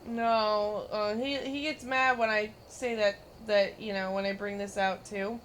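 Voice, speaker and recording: A woman streaming a game, chatting casually, giggling and teasing, breaking into loud mimicking bursts. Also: mid-range voice, fairly even intonation, measured pace, slight background noise.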